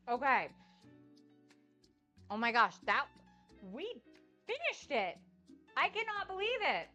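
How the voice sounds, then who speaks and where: A woman's voice: high voice, big pitch swings, slow pace, long pauses, sharp tone, dull audio, soft background music. A young adult woman chatting casually on a cooking livestream, gushing and effusive as she tastes her food. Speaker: cooking streamer. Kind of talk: casual cook-along livestream chat.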